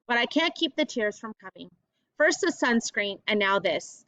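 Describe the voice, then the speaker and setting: A woman narrates a first-person audiobook in a plain, earnest manner. Her voice sits a little high and sounds close and dry. The recording is somewhat dull and lo-fi. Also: sing-song, normal speed, pushed and bright, dry recording.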